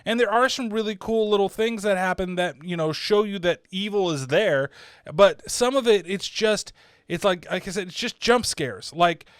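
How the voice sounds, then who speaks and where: A man hosting a horror podcast, giving a casual film review, animated, laughing often and swearing casually. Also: high voice, normal speed, clean tone, no room sound, clean studio sound.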